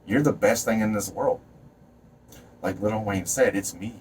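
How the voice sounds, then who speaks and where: A vlogger with a lowish, slightly slow voice delivers a rambling, preachy motivational rant to camera, swearing and hopping between topics. When he gets fired up he shouts and stretches his words. The mic sits at a distance and picks up a little hiss or hum.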